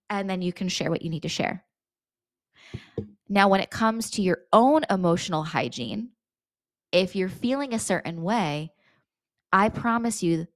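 A woman's voice: medium pitch, no room sound, studio quality. A woman talking in a casual, earnest way about handling emotions, repeating phrases and swearing now and then. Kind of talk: casual spoken advice monologue.

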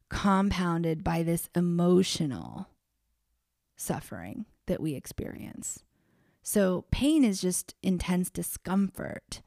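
A woman calmly talking through a personal reflection, unhurried, with frequent pauses and filler words. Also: on the low side, gravelly, no echo, clean studio sound. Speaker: vlogger.

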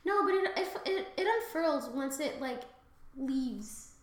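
A woman co-hosting a podcast in casual chat, excitable and sweary, loudly acting out quotes. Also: high-pitched, takes it slowly, roomy sound. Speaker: podcast co-host. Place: home room.

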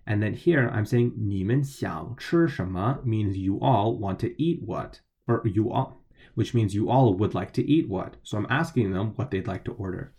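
A man's voice: lowish voice, lively intonation, moderate pace, dark tone. A man co-hosting a language lesson, patiently explaining Mandarin phrases and spelling out each syllable. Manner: patient, spells out pinyin letter by letter. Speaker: language podcast co-host.

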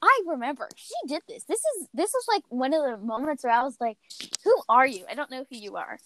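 A woman's voice: high-pitched, fairly quick, slight background noise, poor audio. A young woman hosting a podcast, telling a story in casual chat and acting out what people said. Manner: animated storytelling, acts out quotes. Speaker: podcast host.

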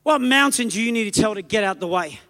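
Preacher, male, very high and bright voice, emphatic exhortation, long hall reverb. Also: lively intonation. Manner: emphatic, exhorting, rapid bursts. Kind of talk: sermon.

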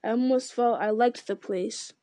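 A woman's voice: on the high side, normal speed, mellow, no echo, lightly acted. A woman voicing a young male hobbit who speaks eagerly and politely asks questions. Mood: wistful.

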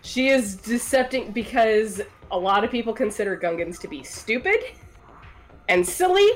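A woman's voice: on the high side, animated, moderate pace, soft background music. A woman playing a tabletop game, chatty and describing what her character does. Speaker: player. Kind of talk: casual tabletop game play.

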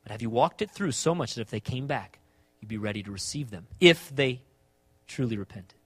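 A man preaching a sermon as pastor, asking the congregation rhetorical questions and swinging between quiet and emphatic delivery. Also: mid-range voice, expressive, fairly quick, husky, no echo.

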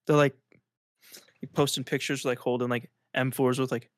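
A man's voice: medium pitch, little pitch movement, moderate pace, no room sound, clean studio sound. A man co-hosting a podcast in casual chat, rambling and filling nearly every phrase with "like". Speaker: podcast co-host.

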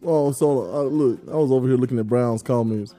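A man's voice: mid-range voice, a little fast, mellow, soft background music. A male podcast host in a casual sports debate, teasing his co-host and reading viewer comments.

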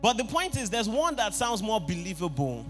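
High-voiced male preacher, calling out to the congregation. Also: big pitch swings, moderate pace, faint music behind. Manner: call-and-response, rising to shouts. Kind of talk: sermon.

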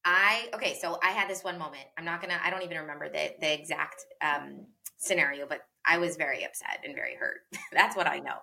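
A woman's voice: sits low, fairly quick, creaky, few pauses, pushed and bright. A woman speaking earnestly and reflectively in a casual podcast conversation about parenting, with frequent fillers and repeated phrases.

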